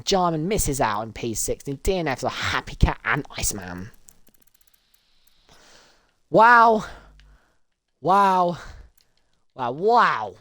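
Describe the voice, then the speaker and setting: A woman hosting and commentating a sim racing event, laughing often and straining her voice from shouting. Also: no room sound. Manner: excitable, laughs often, voice leaps high and loud in exciting moments. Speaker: race commentator and host.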